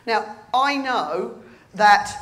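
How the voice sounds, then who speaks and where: A woman delivers a light-hearted sermon, her voice sitting a little high and swinging widely in pitch. She tells the story with playful energy. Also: drawn-out words. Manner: animated storytelling, acting out voices. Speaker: preacher. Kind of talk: humorous sermon. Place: church.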